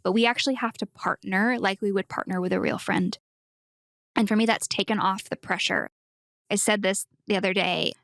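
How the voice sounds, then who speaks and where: A woman talks reflectively on a close, dry mic, with no room sound around her voice. She tells a personal prayer story in an earnest voice at a middling pitch. She sometimes acts out quotes or drops to a soft whisper. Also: fairly even intonation, normal speed, creaky, no echo. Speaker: podcast guest. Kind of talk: casual faith discussion.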